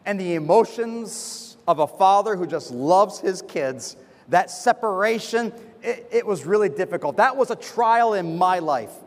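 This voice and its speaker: A man, a pastor giving a sermon from the pulpit in fast, animated personal storytelling. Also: high voice, long reverb tail. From United States. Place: church with a pulpit.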